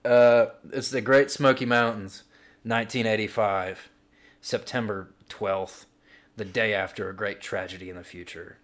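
A man's voice: fairly low pitch, fairly even intonation, measured pace, fairly bright tone. A man co-hosting a comedy podcast, crudely riffing an improvised horror story between laughs. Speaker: podcast co-host.

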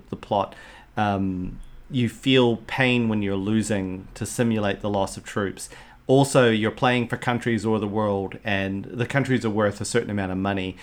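A fairly low-voiced man talks through a film in relaxed podcast chat. He gets animated, swears freely and throws in quick quoted lines. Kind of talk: casual chat.

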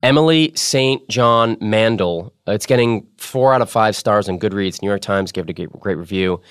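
A man's voice: fairly low pitch, normal speed, smooth, dry recording, clean studio sound. A man hosting a podcast in a casual chat style, playful and self-mocking as he jokes with his producer. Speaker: podcast host.

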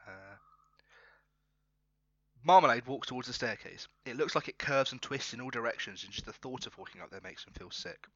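A man's voice: medium pitch, lively intonation, fairly quick, fairly bright tone, no echo. A man narrating a comic interactive story to a co-host, often laughing as he reads. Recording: slightly dull, dry recording.

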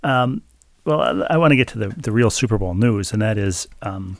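A man's voice: on the low side, animated, moderate pace, no room sound. Guy cohost rambling through a funny story, poking fun at himself, dry close mic. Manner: wry storytelling, self-mocking. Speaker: podcast co-host. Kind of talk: casual chat.

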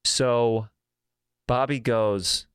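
A man's voice: steady tone, extremely slow, fairly bright tone, smooth, dry recording, clean studio sound. A man hosting a casual chat, telling stories and acting out the quotes. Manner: storytelling, acts out quotes in a high voice.

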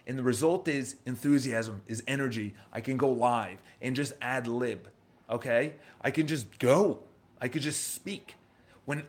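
A man in his thirties with a New York accent, hosting a casual motivational livestream, emphatic and repetitive, with a lot of rhetorical questions. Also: mid-range voice. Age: 30s. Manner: emphatic, repeats himself, asks rhetorical questions. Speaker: livestream host.

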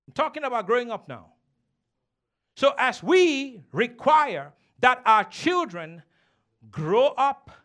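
A man's voice: very high-pitched, fairly bright tone. A man preaching a sermon as a pastor, emphatic and teasing, calling on the congregation to respond.

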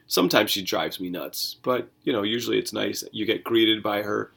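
Pastor guy with a lowish voice doing bible commentary, chatty and animated, asks lots of questions. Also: moderate pace, creaky. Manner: conversational, animated, rhetorical questions. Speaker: pastor and podcast host.

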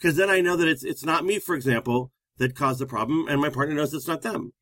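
Male co-host, slightly high voice, emphatic advice-giver, dry close sound. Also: fast talker, no echo. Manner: animated, emphatic storytelling. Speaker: relationship counselor co-host. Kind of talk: casual advice chat.

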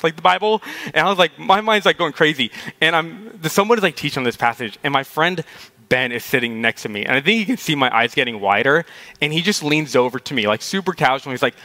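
Male preacher, relaxed conversational sermon delivery, bright and forceful sound. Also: fairly high pitch, fairly quick. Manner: casual, storytelling with frequent "like".

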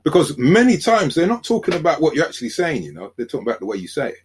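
An older man with a South London accent, a sociologist guest on a podcast, telling lively stories and acting out quoted dialogue. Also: a little high, racing, slight background noise. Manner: animated storyteller, acts out quoted dialogue. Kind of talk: conversational podcast interview.

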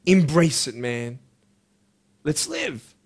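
A man giving a motivational speech to a school audience, impassioned, firing rhetorical questions and swinging between loud urging and hushed intensity. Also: on the high side, huge pitch swings, very slow, gravelly, breathy edge. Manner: direct rhetorical questions to listeners. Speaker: motivational speaker.

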